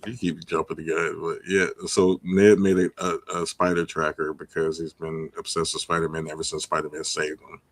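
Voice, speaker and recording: A man co-hosting a casual podcast who explains things calmly and fills in details his co-host skipped. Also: very deep voice, moderate pace, few pauses, no room sound.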